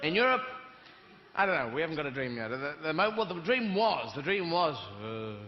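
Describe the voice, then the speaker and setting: Animated man doing a stand-up routine. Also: a little high, a little fast, roomy sound, in a large hall, highs cut off. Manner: rambling, animated, slips into silly voices. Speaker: stand-up comedian. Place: theatre stage before a live audience.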